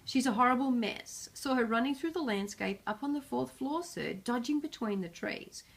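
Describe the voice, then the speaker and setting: A woman's voice: fairly high pitch, expressive, normal speed, vocal fry, slightly rough, pitched above the performer's own voice, exaggerated voice. A woman voicing a sly, gleeful male poltergeist in an oily, mock-sympathetic storybook reading.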